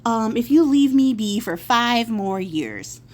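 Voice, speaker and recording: A woman's voice: fairly high pitch, lively intonation, slow, darkish tone. A woman voicing Stingy Jack, a crafty old man who talks in a falsely sweet, sly way.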